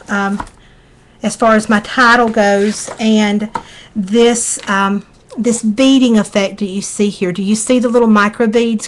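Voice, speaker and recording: A middle-aged woman with a Southern US accent, chatting through a live craft tutorial in a folksy way as she works. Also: mid-range voice. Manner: chatty, folksy, talks while working. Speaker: craft demonstrator.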